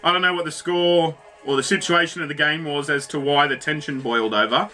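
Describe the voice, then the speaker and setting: A man hosts a reaction video, with a high, very bright and cutting voice. He is excitable, swears freely and talks straight at the screen, with faint music under him. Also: fairly quick. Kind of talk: casual reaction commentary.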